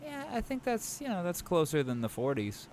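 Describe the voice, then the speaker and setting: A man's voice: high-pitched, wildly swooping pitch, moderate pace, darkish tone, slight background noise. A man co-hosting a podcast, chatting casually and thinking aloud with lots of fillers. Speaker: podcast co-host. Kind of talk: casual chat.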